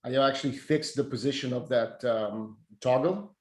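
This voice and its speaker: A man's voice: medium pitch, normal speed, echoey room. A man co-running an app project, chatting casually with jokes and stammered restarts. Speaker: app co-founder. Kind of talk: casual work chat.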